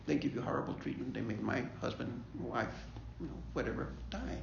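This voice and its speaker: A grief ministry leader speaks briskly with vocal fry in a medium-pitched voice during a faith-based bereavement talk. He's conversational, repeats himself a lot, and keeps checking in with "okay?". The recording is dull and lo-fi, made in an echoey room, with a little hiss or hum.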